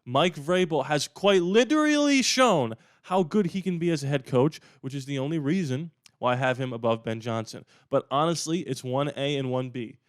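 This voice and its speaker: A man's voice: fairly high pitch, lively intonation, normal speed, hardly any pauses, no echo, clean studio sound. A man hosting his own sports channel, giving casual, emphatic opinion commentary in a conversational way. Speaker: YouTube sports channel host.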